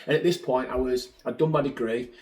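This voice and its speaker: A middle-aged man spins lively anecdotes in a relaxed chat, slipping into the voices of the people in his stories. His voice sits at an everyday pitch and rings in a roomy echo. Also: fairly quick. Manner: animated anecdotes, acts out quotes. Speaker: guest, former footballer. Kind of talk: casual storytelling chat.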